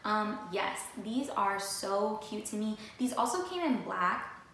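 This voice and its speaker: With a slow, expressive delivery and a fairly bright medium-pitched tone, a young vlogger chats energetically to her audience about her new sneakers. This casual haul was recorded in an echoey room with faint noise.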